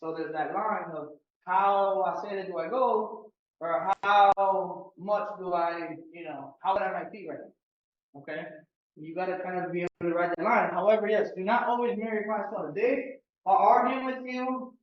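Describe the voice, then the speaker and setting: A man's voice: high voice, fairly even intonation, normal speed. A man from Miami leading a sales team training, casual and joking with the room. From Miami, United States. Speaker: real estate sales trainer. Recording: roomy, distant, dull meeting-room audio.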